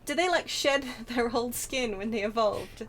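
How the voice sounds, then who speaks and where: Woman game streamer, chatty, giggly, slightly high voice. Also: unhurried, fairly bright tone, a little hiss or hum. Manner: chatty and giggly, with frequent laughs. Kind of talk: casual gaming chat.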